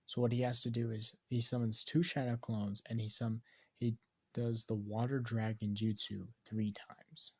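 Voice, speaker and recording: A man's voice: mid-range voice, little pitch movement, moderate pace, darkish tone. A man casually narrating a fan-fiction story, rambling with restarts. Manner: rambling, many fillers and restarts.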